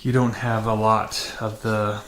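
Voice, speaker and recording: A dirt bike vlog host speaks in a fairly low, level voice, unhurried and fairly bright. He talks to camera casually and matter-of-factly, with lots of fillers and restarts, recorded in an echoey room with faint background noise.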